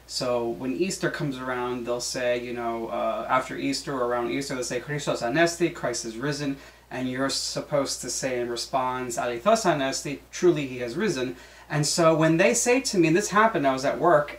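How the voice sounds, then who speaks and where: Chatty man in an echoey room. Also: medium pitch. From Greek heritage. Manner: chatty, halting, many fillers and restarts. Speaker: substitute host. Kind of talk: casual solo talk. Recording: echoey room, mic at a distance.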